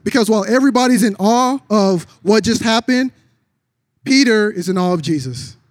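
A man preaching a sermon, telling a story with drops into a low, soft voice for quoted lines. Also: expressive, normal speed, no room sound. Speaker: pastor.

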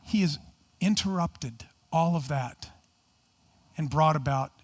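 A man with a high-pitched voice delivers a sermon as a pastor. He preaches earnestly and emphatically, leaning on rhetorical questions. He also shifts into explaining the text in a teaching tone. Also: slow pace, breathy edge.

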